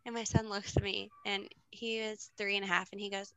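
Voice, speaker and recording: A woman's voice: medium pitch, level tone, brisk, sharp tone, smooth, no room sound, rough recording. A woman in her thirties chatting casually, telling a funny story about her toddler and quoting family members along the way. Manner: storytelling, self-mocking, quotes her son. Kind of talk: casual chat.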